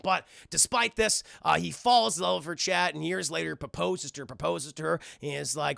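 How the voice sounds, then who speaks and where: A man giving a casual, profane, excitable scene-by-scene film recap, constantly talking to his live chat. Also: a little high, normal speed, vocal fry, hardly any pauses, no room sound. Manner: profane, excitable retelling that keeps addressing the chat. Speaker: film reviewer streaming to chat.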